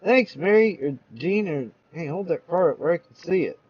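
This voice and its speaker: A man's voice: a little high, lively intonation, normal speed, slightly rough, lo-fi sound. A man voicing a smarmy male TV show host with showy emcee patter.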